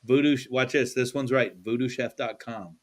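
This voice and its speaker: A man's voice: mid-range voice, steady tone, normal speed, slight background noise. Laid-back, foul-mouthed male podcast host. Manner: laid-back, swears freely, laughs often. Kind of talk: casual chat. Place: studio.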